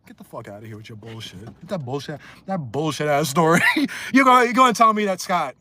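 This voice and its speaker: A man's voice: a little high, animated, fairly quick. Angry man ranting on a livestream. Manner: angry, insulting, swings between loud and muttered. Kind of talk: heated livestream rant.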